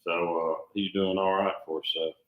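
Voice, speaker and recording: A man's voice: deep voice, level tone, moderate pace, narrow, tinny audio. A man in his forties from Alabama with a Southern US accent, co-hosting a live stream in an easygoing, friendly way with plenty of uhs. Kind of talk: casual live-stream chat. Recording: echoey room.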